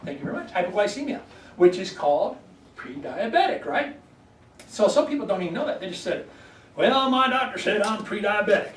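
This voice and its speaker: A man's voice: high-pitched, sing-song, fairly quick. A man, a chiropractor giving a folksy health workshop to a live audience and often checking in with "okay?". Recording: echoey room, voice from far off, faint background noise.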